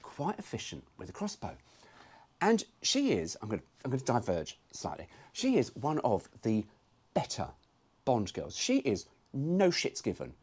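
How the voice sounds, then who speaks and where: A man's voice: mid-range voice, huge pitch swings, moderate pace, a little mellow, breathy edge. A man hosting his own car video, chatting casually with cheeky, sweary jokes. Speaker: car vlogger.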